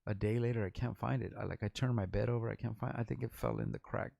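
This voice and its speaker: A man's voice: fairly low pitch, steady tone, fast talker, creaky, warm tone, no echo, clean studio sound. A man in his forties from Los Angeles, a rapper talking in a rambling, profane and candid vlog monologue.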